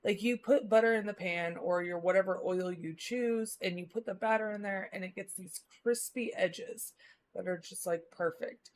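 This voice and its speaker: A woman from the Midwest, talking in a loose and casual way to the viewers of her stream. She rambles from one thought to the next and fills the gaps with one "like" after another. Her voice sits at an ordinary middle pitch. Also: moderate pace. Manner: rambling, many filler likes. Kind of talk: casual chat with live viewers.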